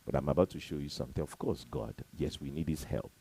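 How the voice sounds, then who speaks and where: A man giving an emphatic, preachy motivational talk to camera, repeating his points and swinging between loud and soft. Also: very deep voice, fast, gravelly, slightly rough, poor audio. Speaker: motivational speaker.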